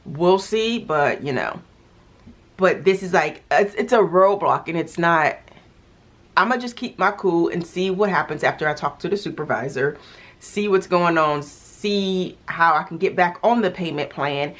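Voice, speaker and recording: A woman's voice: on the low side, a little slow. A young woman vlogger chatting casually, exasperated and full of fillers as she talks through her bills. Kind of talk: casual chat.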